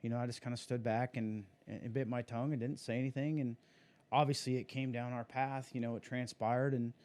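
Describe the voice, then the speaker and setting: A man's voice: mid-range voice, flat delivery, a little fast, darkish tone. A man talking casually as an interview guest, a racing driver who rambles with many fillers and restarts. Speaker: guest, sprint car driver.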